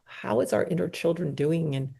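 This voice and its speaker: A woman's voice: sits low, normal speed, vocal fry, mellow, slightly rough. A woman hosting an interview, asking long searching questions that ramble and restart. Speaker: host.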